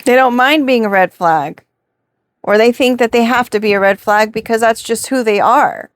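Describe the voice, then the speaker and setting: A woman's voice: on the high side, normal speed, dry recording. A woman giving a reflective spiritual reading to camera, posing rhetorical questions. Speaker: tarot reader.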